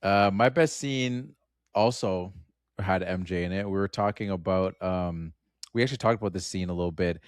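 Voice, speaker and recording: A man's voice: deep voice, moderate pace, dry recording, studio quality. Chatty man on a film podcast. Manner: loose and chatty, full of "like". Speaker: podcast co-host. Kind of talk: casual film review chat.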